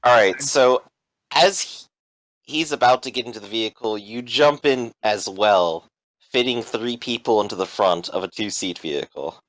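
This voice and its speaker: A man running a tabletop role-playing game as game master, narrating in a relaxed way with many fillers. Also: fairly low pitch, moderate pace, no echo, low-quality recording.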